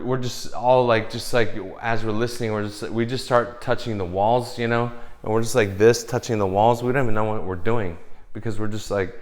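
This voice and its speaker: A man in casual monologue, telling studio stories with a slightly low voice. He rambles, restarts, swears freely and slips into little voices for the people he quotes. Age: young adult or older, past twenties. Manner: rambling, profane, acts out quotes. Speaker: film composer.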